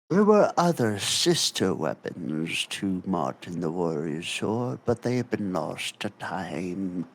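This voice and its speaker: Slow, lively game master, low voice. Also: male voice, vocal fry. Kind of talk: narrating a tabletop game. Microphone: online voice chat.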